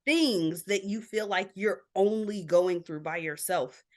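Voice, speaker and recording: A woman's voice: mid-range voice, unhurried, darkish tone. A woman guest on a podcast, telling her family story openly, with lots of filler likes. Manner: open, candid storytelling. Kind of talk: casual interview chat.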